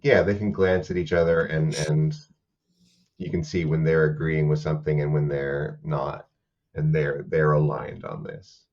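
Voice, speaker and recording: A man narrating a tabletop game as game master, halting with many fillers. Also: a bass voice, steady tone, a little mellow, lo-fi sound.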